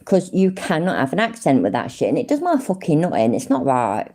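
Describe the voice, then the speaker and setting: A woman's voice: sits low, wildly swooping pitch, a little fast, warm tone. A woman with a Leicester accent chatting casually on a live stream, rambling and swearing freely with frequent laughs. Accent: Leicester English.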